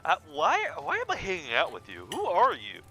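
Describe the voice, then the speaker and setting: A man's voice: high voice, fairly quick, slight background noise. Goofy young man reading a story game. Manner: goofy, self-mocking, animated. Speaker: let's play host. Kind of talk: reading a story game aloud with casual commentary.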